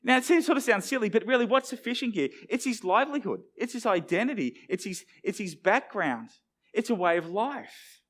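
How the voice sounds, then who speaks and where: A man's voice: sits high, normal speed. A middle-aged man, preaching a sermon and acting out the lines he quotes. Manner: animated, acts out quoted dialogue. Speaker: pastor.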